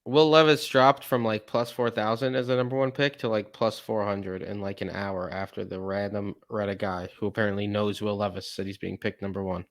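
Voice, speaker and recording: A man co-hosting a podcast, explaining his reasoning in a measured, casual way. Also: on the low side, little pitch movement, dry recording. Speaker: podcast co-host. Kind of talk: casual fantasy football analysis.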